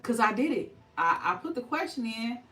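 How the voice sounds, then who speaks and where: A woman's voice: fairly high pitch, big pitch swings, normal speed, bright, forceful tone, distant mic, slight background noise, poor audio. A middle-aged woman hosting a casual skincare livestream, chatty and laughing often.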